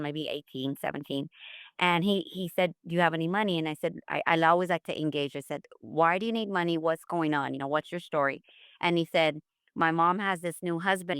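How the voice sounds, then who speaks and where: A woman's voice: sits low, fairly bright tone, clean tone, no echo, studio quality. A middle-aged woman, a mother, telling her family's story in a podcast interview, earnest and full of faith. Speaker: guest, mother of an autistic son.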